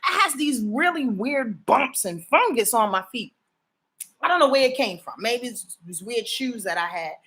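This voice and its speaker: A woman's voice: on the high side, lively intonation, moderate pace, fairly bright tone. Emphatic, profane woman astrologer. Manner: emphatic, profane and preachy, often asks the audience to confirm. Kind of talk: casual live-stream talk.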